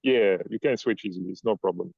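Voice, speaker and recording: A man with an Italian accent, talking haltingly with restarts as an interview guest. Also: low voice, gravelly, a little mellow, no echo, muffled recording. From Italy. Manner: hesitant, stammering restarts. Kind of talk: casual conversation.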